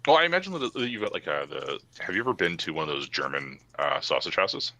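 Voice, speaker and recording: A man with an extremely low voice that still has a bright, forceful edge. He plays a tabletop game in a loose, playful ramble full of fillers. The sound is dry and close. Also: sing-song, fast talker, no room sound. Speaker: player. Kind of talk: casual tabletop game play.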